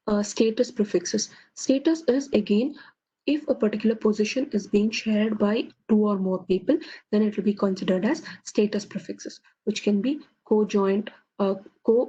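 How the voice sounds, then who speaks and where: A young woman teaches an online exam-prep class, reeling off example words and tagging her points with "okay". Her voice is mellow and a little husky. The recording is dull and lo-fi. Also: medium pitch. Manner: explains with lists of examples, frequent "okay".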